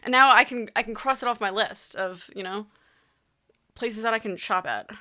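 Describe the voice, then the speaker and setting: A woman's voice: a little high, normal speed, bright, forceful tone. A young woman vlogging in a casual, rambling chat, often restarting her sentences. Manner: chatty, rambling, with frequent restarts and asides.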